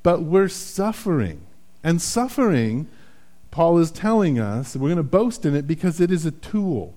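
A man's voice: fairly high pitch, sing-song, a little slow, dark tone. A man preaching a sermon in a conversational, self-deprecating way, often checking in with "right?". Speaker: pastor.

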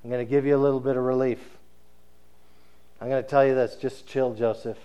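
A sly male tempter spirit murmurs his persuasion softly and low, as a preacher puts him on. The pitch sits in an ordinary male middle, never shifting far from the speaker's own. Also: big pitch swings, takes it slowly. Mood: coaxing. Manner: soft, lowered, persuasive.

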